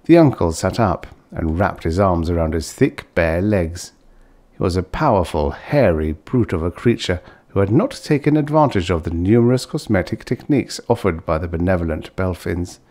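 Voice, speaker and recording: A man's voice: animated, moderate pace, darkish tone. A man reading a vintage science fiction short story aloud, shifting his voice for the characters. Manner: voices characters with raised pitch. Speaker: audiobook narrator.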